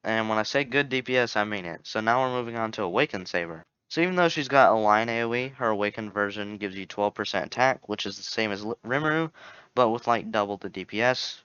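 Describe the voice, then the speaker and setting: Talking fast in a lowish, slightly bright and clean voice, a young man riffs on a game tier list, wandering off track, fixing his own slips and cracking jokes. It's the style of a gaming YouTuber, captured dry on a dull lo-fi home mic.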